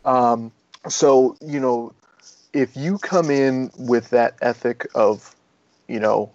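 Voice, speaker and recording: A man, a former Marine turned firefighter, speaking in a casual interview, rambling and profane, and he gets animated when he retells stories. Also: medium pitch, slow, muffled recording.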